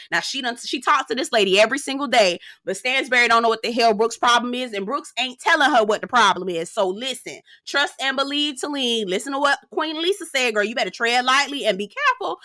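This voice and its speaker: A woman giving a sassy, slangy gossip recap of a reality show episode, animated and quick to laugh. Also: fairly high pitch. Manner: sassy, slangy, keeps calling listeners girl and child; animated storyteller who laughs often. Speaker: reality TV reviewer. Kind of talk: casual gossipy recap commentary.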